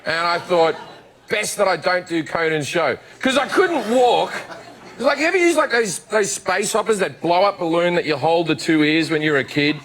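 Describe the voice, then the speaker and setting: A man's voice: sits high, moderate pace. A man with an Australian accent telling a comic anecdote as a talk show guest, laughing as he talks and acting out other people's voices. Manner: animated storytelling, laughs mid-sentence, acts out other voices. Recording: talk show clip with loud studio audience. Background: studio audience laughter.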